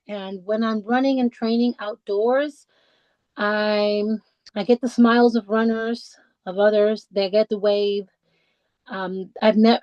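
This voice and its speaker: A woman guest on a podcast, telling her own story in a halting, heartfelt way with many restarts and fillers. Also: medium pitch, a little mellow, dry recording, poor audio. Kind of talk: personal conversational storytelling. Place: lives in the English countryside.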